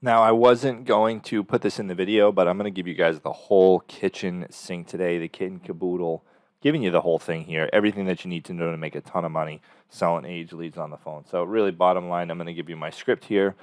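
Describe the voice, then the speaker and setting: A man with a fairly low voice gives sales coaching in an emphatic, repetitive, motivational way. The recording is dry and close with almost no room echo. When he acts out lines from a phone script, his delivery turns brighter and more upbeat. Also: fairly even intonation, fast talker. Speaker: sales trainer.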